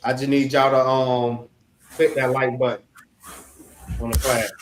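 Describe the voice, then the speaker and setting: Male class instructor, unhurried delivery, roomy echoey recording. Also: mid-range voice, little pitch movement, a little hiss or hum. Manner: drawn-out, repeats "all right?" to check in. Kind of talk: casual teaching lecture. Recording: echoey room.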